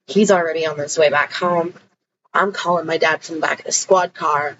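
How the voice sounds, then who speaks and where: A woman's voice: sits low, fairly even intonation, normal speed, dull audio, noisy background. Blunt, swearing woman telling her story. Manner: blunt, emphatic, swears freely. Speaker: storyteller recounting her own experience. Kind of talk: casual personal storytelling.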